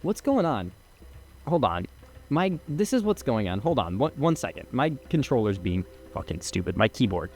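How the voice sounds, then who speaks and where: A young man giving casual let's-play commentary as a gaming streamer, chatty and excitable, swearing and laughing as he plays. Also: medium pitch, normal speed.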